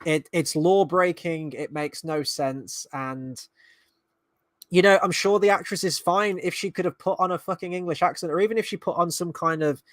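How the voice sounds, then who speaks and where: Man, slightly high pitch, exasperated sarcastic reactor, casual and profane; dry, dead sound. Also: moderate pace, a bit bright, no echo. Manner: sarcastic, exasperated, swears often. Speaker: fan reaction host.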